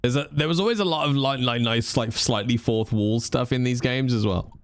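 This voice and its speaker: A man giving chatty, animated commentary while live streaming a video game. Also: mid-range voice, normal speed. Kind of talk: casual gameplay commentary.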